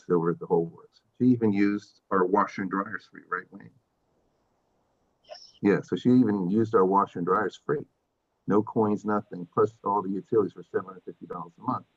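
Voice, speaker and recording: A man's voice: low-pitched, dull audio. A man speaking as a landlord at a public hearing over a video call, defensive and repetitive. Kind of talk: public meeting testimony.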